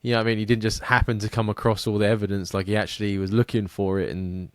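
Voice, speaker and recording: A man's voice: lowish voice, level tone, fast, smooth, dry recording, studio quality. A man co-hosting a podcast in casual, rambling, sweary chat. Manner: rambling, sweary, laughs a lot. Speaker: podcast co-host.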